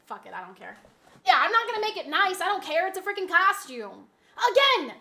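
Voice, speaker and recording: A woman's voice: extremely high pitch, sing-song, fairly quick, pushed and bright. A young adult woman streaming from home, chatting casually and bantering defensively with her chat, swearing freely.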